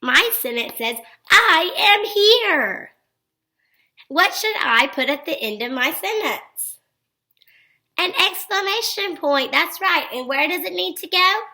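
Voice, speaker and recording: High-pitched and unhurried, a female teacher walks young children through phonics. She reads each example sentence with exaggerated expression while keeping an upbeat tone full of encouraging praise.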